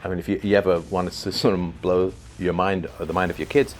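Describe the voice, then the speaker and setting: A man's voice: low-pitched, little pitch movement, quick pace. A man talking in a loose, conversational way, full of fillers and rhetorical "right?" tags, now and then chuckling at his own examples. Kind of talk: unscripted spoken commentary.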